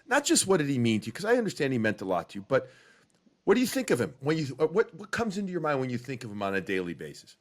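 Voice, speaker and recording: A man's voice: medium pitch, wildly swooping pitch, fast talker. A man co-hosting a hockey podcast, chatty and rambling, telling stories with many restarts. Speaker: podcast co-host, hockey broadcaster. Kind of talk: casual podcast interview.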